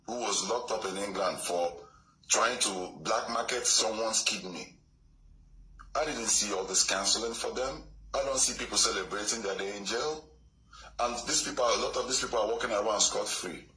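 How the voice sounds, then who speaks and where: A man's voice: low-pitched, sharp tone, roomy sound, slight background noise, poor audio. A man with a Nigerian accent giving an impassioned rant, firing rhetorical questions at the listener. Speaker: commentator.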